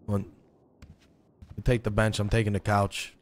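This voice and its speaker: A man teasing a housemate in casual role-play banter, deadpan and dry. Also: measured pace. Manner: teasing, deadpan, lively pitch. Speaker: role-play player character.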